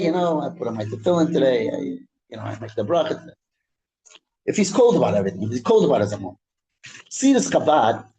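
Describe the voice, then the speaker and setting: A rabbi teaching a Torah class. He reads Hebrew text quickly and explains it in English, repeating and restarting his phrases. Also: medium pitch, darkish tone, roomy sound, rough recording. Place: synagogue room.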